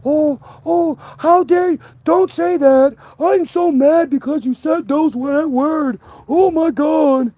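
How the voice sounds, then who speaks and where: A man putting on the high, whiny voice of an easily offended person he is mocking. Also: takes it slowly, few pauses, mellow, no echo. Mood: mock outrage.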